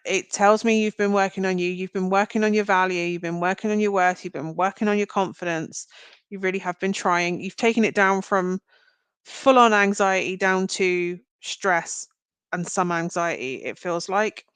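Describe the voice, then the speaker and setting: A British woman talks straight to her livestream viewers, giving readings in a rambling, conversational way. She giggles often. Her pitch is mid-range, and the sound is dry, with no room echo. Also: normal speed, smooth. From Britain. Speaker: card reader hosting a livestream. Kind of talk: live reading to chat viewers.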